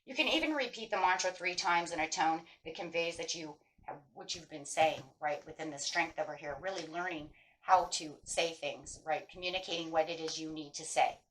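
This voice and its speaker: A woman's voice: deep voice, a little fast, fairly bright tone, slight background noise, rough recording. A woman tarot reader giving casual spiritual advice, earnest and emphatic, who keeps checking in with her listeners by asking "right?". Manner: earnest, emphatic, repeats key phrases.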